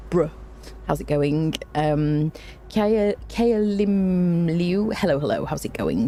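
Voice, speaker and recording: A woman's voice: low voice, animated, a little slow, mellow, slight background noise. A tired woman game streamer in casual live-stream chat, bubbly and chatty as she greets her viewers one by one with repeated hellos.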